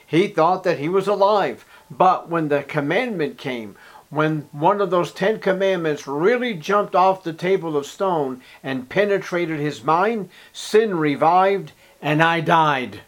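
Male pastor, sermon delivery, emphatic, fairly high-pitched. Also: a little slow. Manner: emphatic preaching that swings between loud and hushed; reads scripture aloud.

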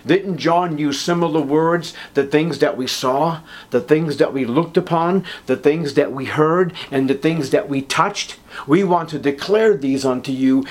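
A pastor preaching a sermon, earnest and emphatic, rising in pitch and force on key points. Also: male voice.

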